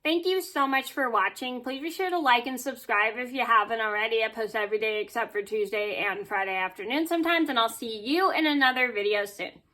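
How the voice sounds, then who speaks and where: A woman chats to camera, telling a story from her day. Her voice sits on the high side and sounds bright and a little sharp. She rambles with fillers and tosses in "blah, blah" to skip details. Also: a little fast, hardly any pauses. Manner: chatty and animated, with fillers and "blah blah". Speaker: vlogger.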